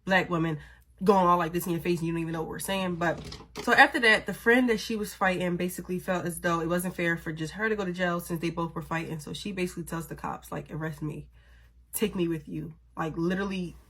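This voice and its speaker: A woman vlogger telling a story in a casual, animated, dramatic way, swearing freely. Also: fairly low pitch.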